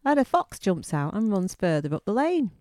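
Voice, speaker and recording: A woman chatting casually on a podcast, telling a joke in a relaxed way and laughing easily. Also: mid-range voice, moderate pace, no echo, studio quality.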